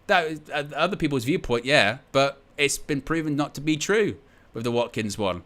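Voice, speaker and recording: A man hosts a live football stream and talks casually to his chat. His voice is bright and forceful, and he rambles in a jokey, sarcastic way. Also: medium pitch, expressive, normal speed. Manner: chatty, rambling, jokey and sarcastic, often laughing.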